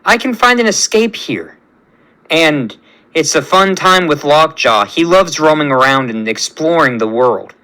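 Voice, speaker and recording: A man reading as gentle princess Crystal. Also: on the high side, lively intonation, unhurried, poor audio. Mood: earnest. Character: young royal woman, gentle and curious. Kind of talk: reading a fan story aloud.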